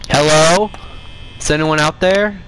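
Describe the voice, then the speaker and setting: A young man streaming a game, chatting and yelling excitedly at other players and taunting the game. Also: on the high side, a little slow, a little hiss or hum, poor audio. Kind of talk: casual gameplay commentary.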